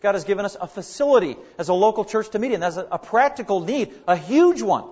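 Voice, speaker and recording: A man's voice: high-pitched, animated, fast talker, darkish tone, slightly rough, muffled recording. A man preaching a sermon, earnest and emphatic, leaning hard on key words as he builds his points. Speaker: pastor.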